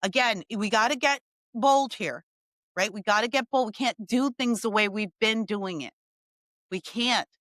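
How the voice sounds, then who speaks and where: A woman's voice: medium pitch, measured pace, fairly bright tone, dry recording. A woman hosting a podcast, giving a blunt, fired-up opinion monologue full of emphatic repetition. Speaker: podcast host.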